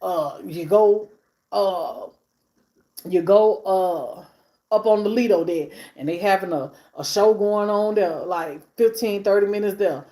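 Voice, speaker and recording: A woman's voice: medium pitch, slow, mellow. A woman hosting a live stream in casual chat, talking between bites while she eats and piling up repeated phrases for emphasis. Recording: echoey room.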